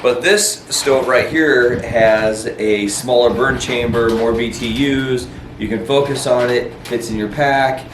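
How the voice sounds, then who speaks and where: Chatty campsite gear reviewer, man, mid-pitched, echoey outdoor recording with steady background noise. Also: slow, hardly any pauses. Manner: relaxed, chatty, laughs often. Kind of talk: casual outdoor chat.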